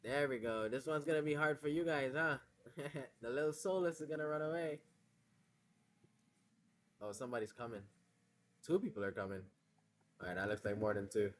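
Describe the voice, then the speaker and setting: A man's voice: medium pitch, a little fast. Laid-back male gaming streamer. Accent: West African English on the phone call. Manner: laid-back slangy banter, laughs often. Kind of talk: casual gaming stream chat.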